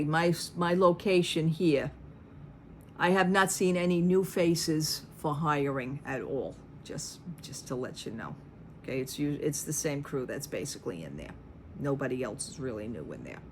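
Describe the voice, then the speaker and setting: A middle-aged woman with a fairly low voice tells a shopping story in a chatty, animated way. Her asides are dry and sarcastic, and faint room noise sits under her voice. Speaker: vlogger. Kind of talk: casual storytime vlog.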